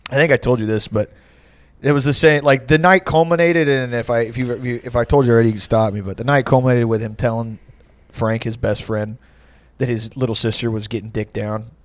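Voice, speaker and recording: A man's voice: mid-range voice, fairly even intonation, brisk, no echo. A man in his late twenties telling a rambling, profane story in casual chat, often breaking into laughter.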